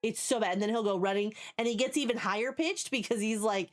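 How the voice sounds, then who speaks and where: Streaming live from her home basement, a woman chats casually with viewers, rambling, swearing freely and laughing a lot. Her voice is fairly high, with huge pitch swings and an unhurried pace.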